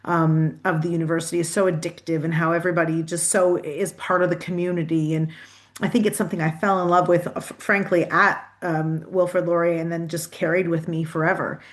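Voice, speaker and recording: Speaking a little fast with little pitch movement, this Canadian woman has a lowish voice. She's an interview guest on a video call, answering in a chatty manner full of restarts and fillers.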